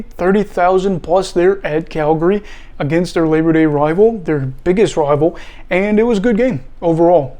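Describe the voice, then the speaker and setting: A man's voice: a little high, dark tone. A man, a young adult, hosting a casual solo sports recap, chatty and often breaking into apologetic laughter. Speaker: sports channel host.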